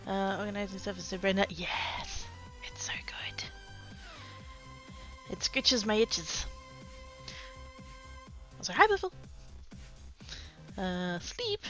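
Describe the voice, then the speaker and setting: A woman's voice: medium pitch, sing-song, takes it slowly, pauses often, a bit bright, soft background music. A woman chatting casually to her livestream chat while sorting craft supplies, self-mocking and rambling. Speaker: craft streamer.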